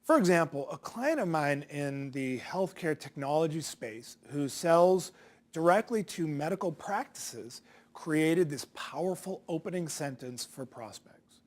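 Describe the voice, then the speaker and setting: A man's voice: fairly high pitch, animated, measured pace. A man coaching salespeople in a direct-to-camera lesson, punchy and challenging, asking rhetorical questions.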